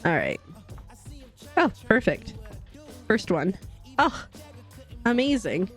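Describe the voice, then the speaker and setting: A woman's voice: medium pitch, wildly swooping pitch, slow, soft background music. A woman streaming a game live, chatting casually, laughing often and greeting her chat viewers. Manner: bubbly, giggly, greets chat viewers warmly.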